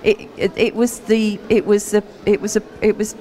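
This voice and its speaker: A woman's voice: medium pitch, little pitch movement, normal speed, mellow. A woman hosting a radio book show, interviewing a guest with hesitant, filler-heavy speech.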